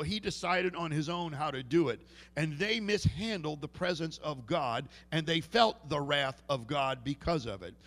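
A pastor with a fairly high, creaky, slightly bright voice preaches in a church sanctuary, spinning folksy stories and frequently restarting his sentences. The recording carries a long hall reverb.

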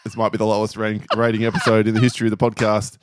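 A man's voice: on the low side, flat delivery, rapid-fire, slight background noise. A man co-hosting a podcast, telling jokes in casual banter with a dry, teasing manner. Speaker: podcast co-host.

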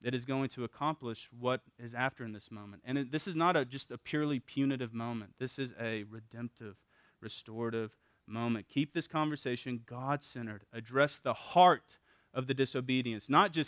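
A middle-aged man gives a casual, animated teaching talk at a parenting seminar, speaking at medium pitch and normal speed with no room sound. He often acts out what parents and kids say in a raised voice, and repeats words and restarts sentences.

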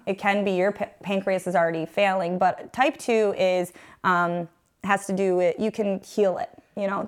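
A woman in her thirties, a mother, earnestly telling an emotional personal testimony in an interview. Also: on the low side. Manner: earnest, emotional storytelling, faith-focused. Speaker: guest, mother.

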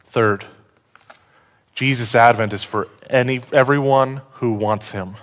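A man preaching a sermon as a pastor. He asks the congregation questions and swings from loud, excited points to hushed, earnest ones. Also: mid-range voice, a little slow.

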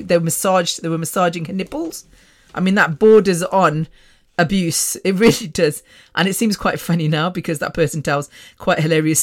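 A woman from England, hosting a podcast and telling personal stories in a frank, chatty way, often laughing. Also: deep voice. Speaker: podcast host. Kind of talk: casual storytelling monologue. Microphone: podcast microphone.

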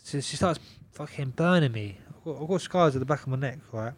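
A man's voice: medium pitch, a little fast. Young guy on a podcast, swearing nonstop, going over the same bits twice, laughing as he talks, normal mid voice. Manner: swears constantly, animated, repeats himself, laughs a lot. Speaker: podcast guest, pro boxer. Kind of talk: casual storytelling chat.

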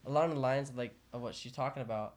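A young man speaking as a podcast guest, easygoing and earnest, with halting restarts. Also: medium pitch. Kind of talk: casual chat.

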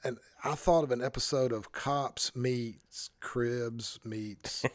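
A man who is a pastor, telling a story in casual podcast talk. He is animated, breaks off mid-sentence and chuckles as he goes. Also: medium pitch, slow, no echo. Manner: animated, self-interrupting, chuckles through his story.

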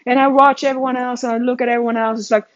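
A Swedish fitness coach muses aloud in a casual, rambling monologue, her voice a little high, level in tone, and quick. She mocks herself, restarts sentences often, and laughs a lot, all captured in dull lo-fi sound.

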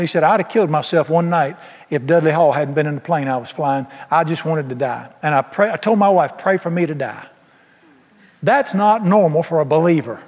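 A man's voice: a little high, fairly quick, slightly rough. A man preaching a sermon, telling stories in an emphatic, folksy way. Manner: storytelling, emphatic, Southern folksy phrasing. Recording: long hall reverb.

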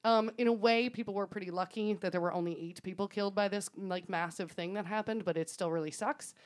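A woman's voice: mid-range voice, steady tone, a little fast. A woman co-hosting a podcast, telling a story in a casual, chatty way, with frequent laughs, swearing and fillers. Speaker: podcast co-host.

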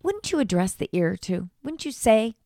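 A woman's voice: on the high side, sing-song, normal speed, warm tone, dry recording, clean studio sound. A woman co-hosting a podcast, chatting casually about a reality show in a blunt, emphatic way with some swearing. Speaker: podcast co-host.

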